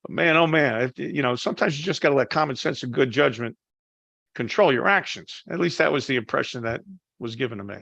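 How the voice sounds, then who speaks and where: A man, a Marine veteran, telling a story in a casual, animated way and acting out the people in it. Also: medium pitch, fairly quick, vocal fry, dry recording, muffled recording. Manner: animated, acts out voices in his anecdotes.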